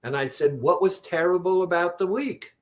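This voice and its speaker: A man talking as a weight-loss coach, slowly and deliberately retelling a conversation with a client. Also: sits high. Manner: slow, deliberate, retells conversations with quoted dialogue. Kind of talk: reflective monologue.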